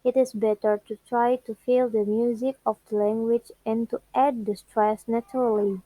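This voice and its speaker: A young woman with an Indonesian accent, slowly reading out a pronunciation lesson on word stress and repeating the example words. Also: on the high side, steady tone, mellow, dry recording, low-quality recording. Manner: slow careful reading with repeated words and restarts. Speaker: student. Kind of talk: pronunciation practice recording.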